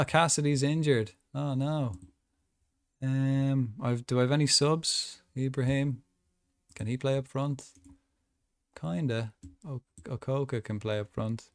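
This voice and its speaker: A man's voice: mid-range voice, slow pace. A young man chatting casually while commentating his own football management game, rambling with lots of asides. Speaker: gaming streamer.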